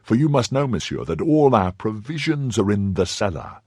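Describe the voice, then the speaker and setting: A man's voice: lowish voice, very animated, moderate pace, darkish tone, breathy edge, no room sound, studio quality. A man doing a plaintive, anxious innkeeper. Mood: complaining. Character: anxious middle-aged male innkeeper, complaining.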